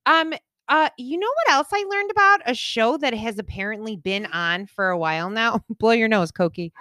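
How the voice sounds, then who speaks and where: Brief: teasing woman co-host who laughs a lot, bright tense tone, animated pitch. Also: moderate pace, dry recording, studio quality. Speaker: podcast co-host. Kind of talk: casual chat.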